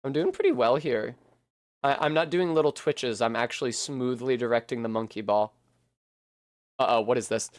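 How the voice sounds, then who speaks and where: A man's voice: medium pitch, normal speed, no echo, clean studio sound. A man rambling casually and poking fun at himself while streaming a video game, swearing now and then. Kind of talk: casual commentary while playing.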